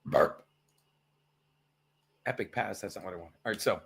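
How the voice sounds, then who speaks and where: A man's voice: sits low, moderate pace, vocal fry, fairly bright tone, a little hiss or hum. A man hosting a live stream, rambling and sarcastic, swearing often as he tells stories and reads chat. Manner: rambling, profane, sarcastic storytelling. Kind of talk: casual livestream chat.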